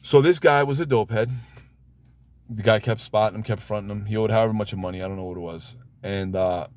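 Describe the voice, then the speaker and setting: A man's voice: on the low side, a little fast. A man who served time giving blunt, emphatic advice about prison life in a casual monologue. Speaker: former inmate giving advice.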